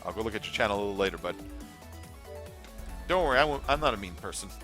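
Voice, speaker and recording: A man's voice: on the low side, animated, quick pace, sharp tone, faint music behind. A man hosting a live gameplay stream, chatting in a rambling, casual way, swearing now and then and reading chat messages aloud. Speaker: gaming livestream host.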